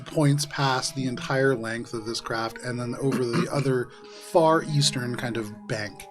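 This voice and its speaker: A man narrating as dungeon master in a tabletop role-playing game, describing scenes in a relaxed way with fillers. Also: medium pitch, measured pace, music in the background.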